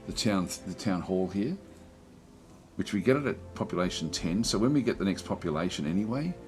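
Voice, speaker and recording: A man giving relaxed let's play commentary on a strategy game, thinking aloud with many fillers and restarts. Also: sits low, brisk, soft background music.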